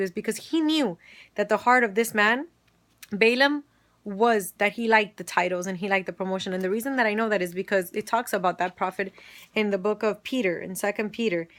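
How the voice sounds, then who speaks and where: A woman's voice: mid-range voice, a little fast, a bit bright. Woman, Bible study teacher, mid-range voice, quotes scripture, restarts phrases. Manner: retells scripture with quoted dialogue, frequent restarts.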